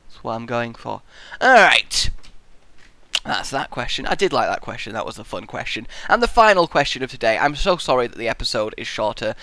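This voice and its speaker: A man's voice: medium pitch, expressive, fast talker, hardly any pauses, sharp tone, no echo. A man hosting a casual question-and-answer vlog in a rambling, jokey way, recorded on a close desk mic. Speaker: YouTube host.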